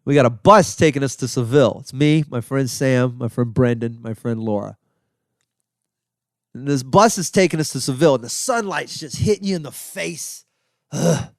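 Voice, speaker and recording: A man telling a long travel story as a comedian and podcast host, in a loose, animated way. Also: medium pitch, moderate pace, no echo, clean studio sound.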